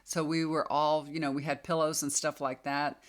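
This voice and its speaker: A woman's voice: low-pitched, level tone, normal speed. A woman, likely in her fifties, telling a personal story to viewers in a chatty, confiding way. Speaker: tarot reader and healer.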